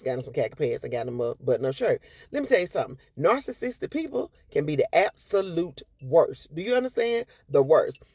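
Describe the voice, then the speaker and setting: Fast-talking sassy woman storyteller, gravelly. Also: warm tone, no echo, studio quality. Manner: sassy, emphatic, acts out quotes with big pitch jumps. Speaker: vlogger telling a personal story. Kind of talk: animated storytelling to followers.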